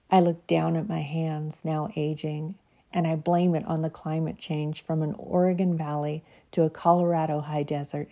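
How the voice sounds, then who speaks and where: A woman with a lowish, mellow voice reads a reflective devotional piece on her podcast, soft and unhurried. She speaks close to the mic, with a warm, gentle tone that shifts easily into casual chat with her listeners. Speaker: podcast host.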